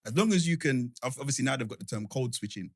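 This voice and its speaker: A man with a London accent hosting a podcast, telling stories in a slangy, animated way with the group. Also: mid-range voice, quick pace, dry recording. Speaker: podcast host. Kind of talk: casual group chat.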